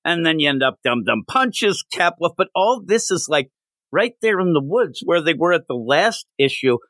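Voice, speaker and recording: A man's voice: on the high side, moderate pace, no room sound. A man co-hosting a podcast, chatting casually about comic books and acting out the characters' lines as he goes. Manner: animated, acts out quoted characters. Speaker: podcast co-host. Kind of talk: casual comic book review chat.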